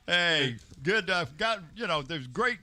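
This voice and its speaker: A man commentating a local high school football game in a chatty, folksy way, joking with his partner. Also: expressive, measured pace, bright, forceful tone. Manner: chatty, folksy, laughs easily. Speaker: sports commentator. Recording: local cable broadcast.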